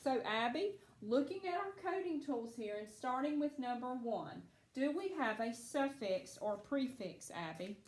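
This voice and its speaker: A woman's voice: high-pitched, lively intonation, darkish tone, echoey room, a little hiss or hum. A woman teaching a phonics lesson to children, patiently and encouragingly. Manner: slow, patient, encouraging, answers for absent pupils.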